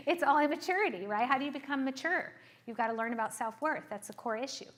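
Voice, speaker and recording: A middle-aged woman therapist giving a lively workshop talk, acting out quoted voices and checking in with "okay?". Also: high voice, fast talker. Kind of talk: workshop talk to a live group.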